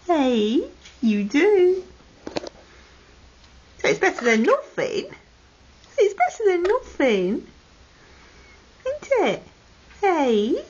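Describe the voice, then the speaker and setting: A woman talks baby talk to her pet parrots at home, coaxing them and scolding them fondly. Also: very high-pitched. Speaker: pet owner. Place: home room with parrot cages. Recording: lo-fi 2008 home video with faint noise.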